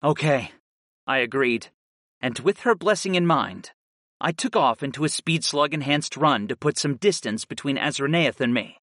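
A man narrating a first-person fantasy audiobook in a steady, earnest way. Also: mid-range voice, moderate pace, no echo, clean studio sound.

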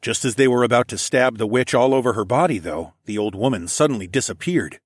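A man's voice: medium pitch, fairly quick, no echo, studio quality. A man narrating a fantasy story in first person, reading steadily. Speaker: audiobook narrator.

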